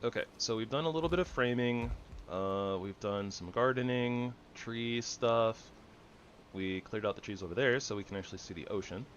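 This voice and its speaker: Deep male voice, casual gameplay commentary, relaxed, self-correcting, faint room noise. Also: muffled recording. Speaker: gamer.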